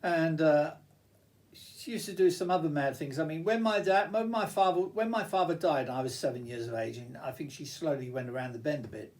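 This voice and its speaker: A man's voice: fairly high pitch, fairly quick, a little mellow. An older man talking to camera in a rambling personal monologue, reminiscing with frequent restarts and fillers. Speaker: vlogger.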